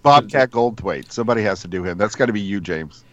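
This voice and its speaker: A man co-hosting a gaming podcast with dry, deadpan humor. His low voice moves around a lot, coming through a dull, lo-fi line with faint hiss underneath. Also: quick pace. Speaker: podcast co-host. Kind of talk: casual chat.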